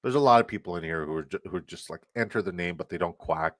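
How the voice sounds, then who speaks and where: A man's voice: low-pitched, fast, a bit bright. A man hosting a casual live fantasy football stream, swearing freely and reading out and answering chat. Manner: profane, hyped, reads and answers chat.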